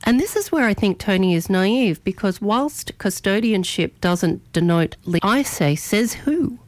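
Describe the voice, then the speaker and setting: A woman's voice: mid-range voice, lively intonation, unhurried, no echo. A woman hosting morning radio, delivering an argumentative opinion editorial and leaning on key words. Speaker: radio host.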